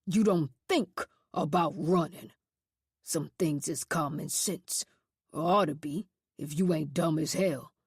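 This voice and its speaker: A woman voicing a brutal, coarse male reformatory guard who speaks in a low, threatening drawl. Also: slow pace, darkish tone, slightly rough, no room sound, studio quality, exaggerated voice. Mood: menacing.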